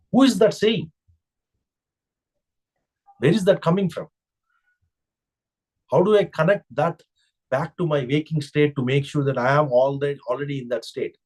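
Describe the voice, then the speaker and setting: A man's voice: a little high, moderate pace, pauses often, darkish tone. Man giving a reflective spiritual talk. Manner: reflective, asks rhetorical questions. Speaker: spiritual teacher. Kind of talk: spiritual discourse.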